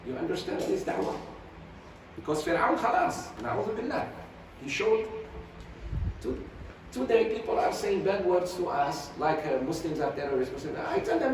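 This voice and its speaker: A sheikh teaches Quran commentary in a religious class lecture, fiery and emphatic, firing volleys of rhetorical questions and sprinkling in Arabic religious phrases. His voice is high-pitched with big swings at a moderate pace, recorded in a very echoey hall from a distant mic with noise.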